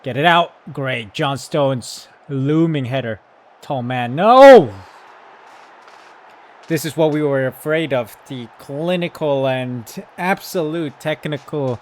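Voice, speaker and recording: A man giving excited live commentary on his football management game, yelling at his players, then calmly talking through tactics. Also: mid-range voice, slow. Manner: excitable, shouts at the team, then calm tactical talk. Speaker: gaming YouTuber.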